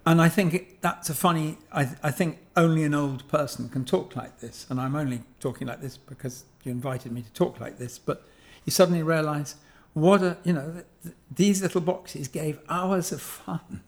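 A man's voice: a little high, moderate pace, few pauses. An Englishman in his seventies talking about objects in a reflective, digressive way, full of ums and self-corrections. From England. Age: 70s. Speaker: guest sculptor. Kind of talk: reflective conversational monologue.

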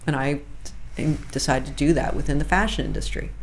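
A middle-aged woman, a fashion journalist being interviewed, telling lively anecdotes with frequent asides. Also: deep voice, a little fast. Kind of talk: conversational interview storytelling.

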